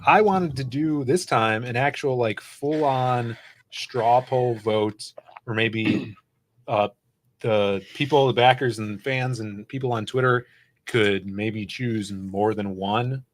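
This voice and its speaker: A man co-hosts a laid-back comics chat, reading viewer posts and setting up the next segment. His pitch is middling. The sound is dry and close. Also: slow pace, a bit bright, no echo. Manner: reads tweets and chat aloud, steers the topics. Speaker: co-host of comics channel. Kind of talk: casual chat. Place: office.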